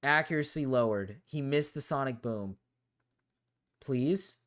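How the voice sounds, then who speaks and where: A man's voice: mid-range voice, normal speed. A man streaming a game while reacting to a video, swearing and ranting in frustration. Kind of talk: casual live-stream chatter.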